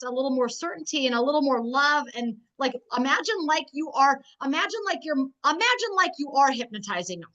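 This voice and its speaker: A woman with a high voice hosts a team sales call, coaching with energetic, preachy conviction. Her audio comes through dull and lo-fi, as on a video call. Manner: energetic, preachy, drops to a near-whisper at times.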